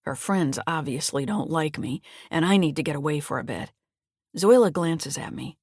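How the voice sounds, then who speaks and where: A woman author reading her thriller audiobook in a measured, steady first-person narration. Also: sits low, no echo, clean studio sound.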